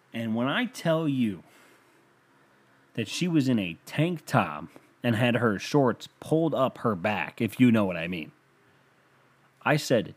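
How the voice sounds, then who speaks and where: A man's voice: mid-range voice, sing-song, measured pace, pauses often. A young man hosting a podcast in a rambling, profane, self-mocking casual monologue. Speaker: podcast host.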